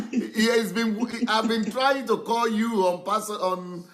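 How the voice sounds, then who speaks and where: Friendly pastor with a slightly high voice. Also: male voice, unhurried, a bit bright. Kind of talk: live Q&A with callers.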